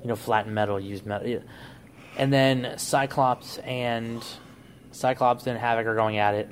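A man's voice: mid-range voice, fairly even intonation, normal speed, a little hiss or hum. A man on a podcast, casually laying out a plot idea in a rambling way. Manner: rambling storyteller, frequent restarts and "like". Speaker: podcast co-host.

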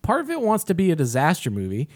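A man's voice: on the high side, wildly swooping pitch, fast. A man co-hosting a podcast, chatting casually about movies, often stumbling and repeating words as he rambles. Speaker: podcast co-host.

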